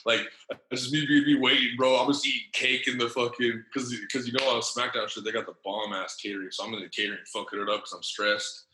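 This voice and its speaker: A man's voice: mid-range voice, fairly even intonation, quick pace, sharp tone, echoey room, poor audio. A man telling a long story in casual, profane slang, acting out the quotes as he goes. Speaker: podcast guest.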